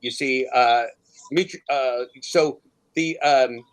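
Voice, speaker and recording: A male livestream host rants emphatically in casual chat, repeating his listener's name for effect. His voice is medium-pitched and he takes it slowly, captured on a rough recording.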